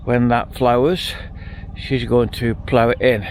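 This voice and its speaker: A middle-aged man chats bluntly to his camera outdoors beside a field. His voice sits at an ordinary middle pitch, and his talk comes in a casual, restarting flow. The sound is captured on a handheld phone. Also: level tone, slow, a little mellow, a little hiss or hum. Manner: chatty, blunt storyteller with frequent restarts. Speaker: vlogger.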